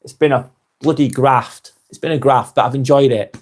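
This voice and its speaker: A man hosts a live vlog, chatting casually and reading viewers' comments aloud, often saying "um" and quickly apologizing. His voice is medium-pitched with a steady tone.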